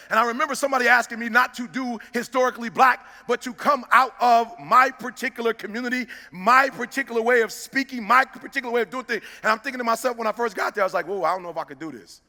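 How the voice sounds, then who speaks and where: A motivational speaker with a very high, sharp voice preaches like a minister, driving each point home. He shouts some lines and draws others out in a sing-song rhythm, his voice echoing with the long reverb of a large hall.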